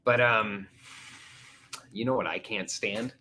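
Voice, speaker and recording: A man's voice: on the low side, slow. A man hosting a casual live stream, joking around and slipping into silly voices. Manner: jokey, animated, slips into silly voices. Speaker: livestream host.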